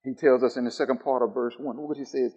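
A man preaching a sermon. He swings between soft, low musing and loud, high calls, and he repeats his phrases in a steady rhythm. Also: fast talker, breathy edge, in a large hall, lo-fi sound.

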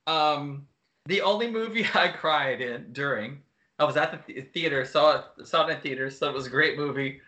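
A man's voice: a little high, normal speed, bright, forceful tone. A man co-hosting a podcast, chatting casually and telling a story against himself, laughing often. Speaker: podcast co-host. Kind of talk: casual chat.

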